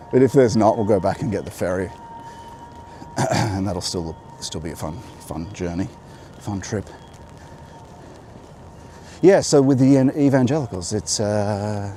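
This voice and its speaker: A man's voice: fairly low pitch, dark tone, a little hiss or hum. A man with a General Australian accent, musing aloud to viewers on a walking vlog outdoors, rambling and reflective as he navigates. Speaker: vlogger. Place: outdoors on a walk near a road, with an umbrella in the rain. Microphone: handheld camera.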